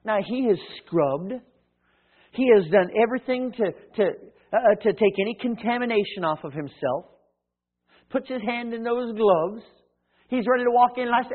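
A man preaching a sermon, swinging from loud emphatic lines to hushed ones and acting out little dialogues. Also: high voice, animated, fairly quick. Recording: tinny phone-like sound.

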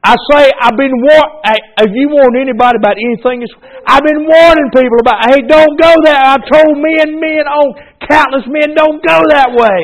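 Hoher Südstaaten-Prediger, inbrünstig. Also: male voice, very high voice, moderate pace, few pauses, rough recording. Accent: Southern US. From North Carolina. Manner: fervent preaching that drops to a hushed plea. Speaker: preacher. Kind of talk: revival sermon and altar call. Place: church service.

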